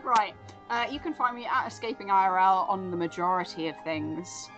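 A woman's voice: medium pitch, moderate pace, fairly bright tone, dull audio, faint music behind. A woman co-hosting a podcast in casual chat, swearing often and laughing. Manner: sweary, giggly and playful. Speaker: podcast co-host.

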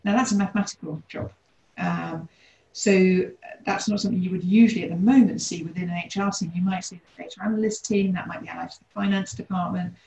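A woman co-hosting a casual discussion, explaining points in a measured, deliberate way. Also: fairly low pitch, fairly even intonation, gravelly, darkish tone, roomy sound, lo-fi sound. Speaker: co-host, leads people teams.

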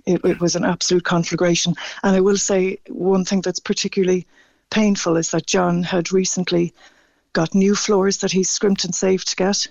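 Male caller, dry and dull phone sound, flat, stammering and moved. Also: high-pitched, moderate pace, creaky, dry recording. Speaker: radio caller. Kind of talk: phone-in radio chat.

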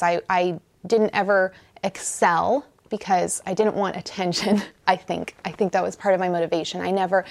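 A middle-aged woman from Southern California, talking softly and reflectively as a guest, often pausing with ums. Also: mid-range voice. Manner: soft-spoken, reflective, hesitant with many ums. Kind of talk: candid personal conversation.

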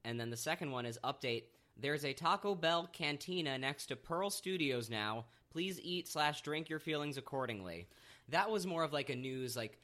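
A man's voice: a little high, lively intonation, moderate pace, sharp tone. A young man co-hosting a podcast, chatting casually and rambling in an easygoing, self-deprecating way. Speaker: podcast co-host. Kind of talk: casual chat.

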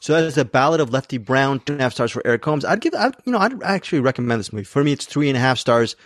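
A man's voice: mid-range voice, expressive, racing, no room sound, studio quality. A man hosting a film podcast, moving the segments along and giving his own take. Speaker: podcast host. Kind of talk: casual movie review chat.

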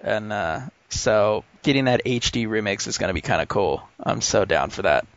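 Male podcast host, casual storyteller, profane and animated; dry, slightly dull home mic. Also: on the low side, moderate pace, dry recording. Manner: animated anecdote with acted-out quotes and profanity.

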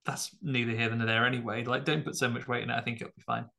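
A man's voice: mid-range voice, little pitch movement, fast, creaky, pushed and bright. A man with a British accent, co-hosting a horror film podcast with wry, rambling humour. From Britain. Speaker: podcast co-host. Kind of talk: casual chat about horror films.

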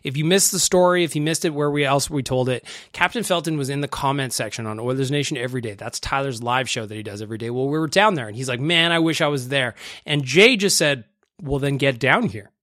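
A man's voice: mid-range voice, fast talker, few pauses, a bit bright, no room sound, clean studio sound. Chatty, self-mocking podcast host man. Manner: chatty, self-deprecating, easily amused. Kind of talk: casual podcast chat.

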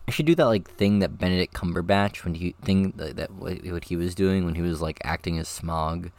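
Deep-voiced man chatting in a booth. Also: fairly quick, darkish tone. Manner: rambling, sighing, self-mocking. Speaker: voice actor. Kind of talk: casual chat between takes. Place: home recording booth.

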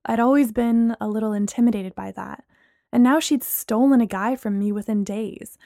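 A woman's voice: fairly high pitch, steady tone, moderate pace, warm tone, no echo, studio quality. A woman in her twenties narrating a first-person audiobook story expressively.

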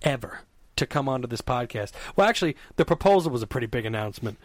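A man hosting a casual podcast, teasing his friends and announcing with loud flourishes. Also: medium pitch, lively intonation, fast, no room sound. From Staten Island. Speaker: podcast host. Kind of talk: casual chat.

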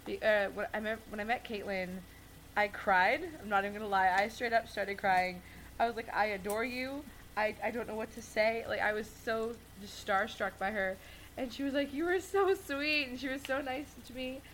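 A woman chatting casually on a podcast, excitable and gushing. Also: medium pitch, normal speed, slight background noise, poor audio. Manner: excitable, gushing fan talk. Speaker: podcast co-host. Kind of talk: casual chat.

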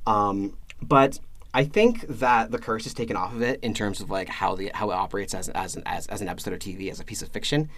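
A man's voice: on the low side, steady tone, fairly quick, fairly bright tone. A man co-hosting a casual podcast, talking with many restarts and repeated words and laughing as he retells scenes. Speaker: podcast co-host.

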